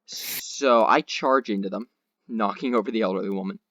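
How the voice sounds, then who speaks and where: A man's voice: on the low side, moderate pace, a bit bright, no room sound, clean studio sound. A man hosting a podcast, telling a long rambling anecdote in casual chat with lots of fillers. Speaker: podcast host.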